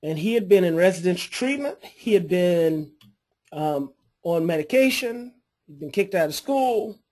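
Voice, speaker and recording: A man, an adoption coach and therapist, telling a story to his class in a lively way and acting out the people in it. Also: sits high, unhurried. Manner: animated storytelling, acts out quoted voices.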